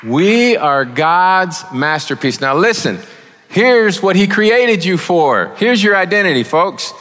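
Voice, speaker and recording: A man preaching as a guest speaker, conversational and joking, with sudden loud emphasis. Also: sits high, big pitch swings, slow pace. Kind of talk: sermon. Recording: long reverb of a large hall.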